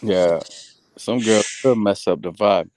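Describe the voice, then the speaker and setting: A man talking in a relaxed, offhand way in a casual chat. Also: fairly low pitch, slow, a little hiss or hum.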